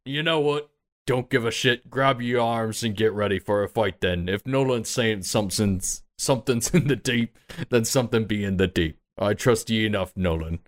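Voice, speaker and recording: A man doing a gruff pirate captain, blustery, crude, pirate dialect, fairly low voice, tabletop game. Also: normal speed, close to an everyday voice. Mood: blustering. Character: gruff swearing male pirate ship captain.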